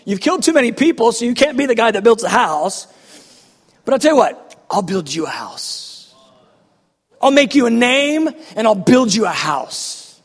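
An affectionate, fatherly God makes promises in a high voice, a man acting him out within a sermon. A long hall reverb trails behind every phrase. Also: big pitch swings, moderate pace, breathy edge, heavily acted. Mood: tender. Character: tender, fatherly God speaking to David.

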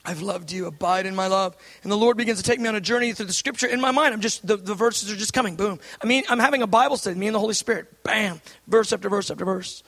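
Male preacher, high bright voice, fervent, shouts then goes quiet. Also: fast talker, few pauses. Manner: fervent, swings from shouting to hushed. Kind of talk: sermon.

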